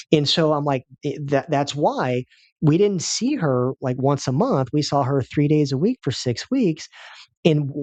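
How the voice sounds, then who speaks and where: Emphatic chiropractor with a dry sound. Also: male voice, a little high, darkish tone, dry recording. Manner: emphatic, repetitive, storytelling. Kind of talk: health seminar talk with patient story.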